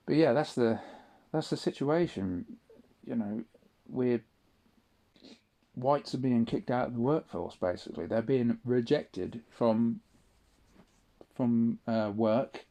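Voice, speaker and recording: A man's voice: medium pitch, slow, pauses often, mellow. A man in a casual spoken monologue, rambling and swearing often, with frequent restarts. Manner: rambling, profane, restarts a lot. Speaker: audio diarist.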